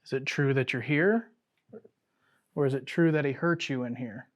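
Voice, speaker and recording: Man calmly questioning spirits. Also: medium pitch. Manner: slow, coaxing questions, drops to a whisper at times. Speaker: paranormal investigator. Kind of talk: questioning spirits during a ghost hunt. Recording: noisy night recording.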